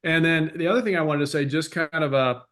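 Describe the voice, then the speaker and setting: Man, podcast host, a bit high-pitched, casual, hesitant with fillers. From United States. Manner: relaxed, halting with fillers. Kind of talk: casual chat.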